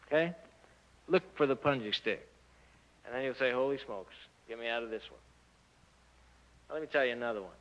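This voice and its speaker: A man giving a church talk to teenagers, an animated storyteller who asks rhetorical questions and acts out the dialogue. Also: on the high side. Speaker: church speaker addressing youth. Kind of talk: sermon-style talk to teens. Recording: muffled lo-fi recording.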